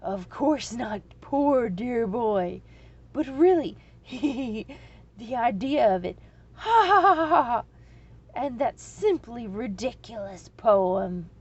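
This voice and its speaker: A woman's voice: on the high side, expressive, slow, breathy edge, dull audio, full character voice. A woman voicing a boisterous male dragon who roars with laughter. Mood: laughing mockery. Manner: loud roaring belly laughter.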